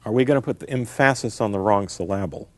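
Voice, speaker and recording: A man's voice: lowish voice, fast talker, darkish tone, no echo. A middle-aged man, a scholar answering interview questions in an emphatic, lecturing way, repeating his key phrases. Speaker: guest scholar.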